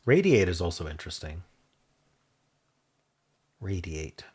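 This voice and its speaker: A man's voice: low voice, big pitch swings, a little slow, darkish tone, breathy edge. A man hosting a puzzle game channel, thinking aloud in a casual, hesitant way as he works through word puzzles. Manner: muses aloud, hesitant and self-correcting.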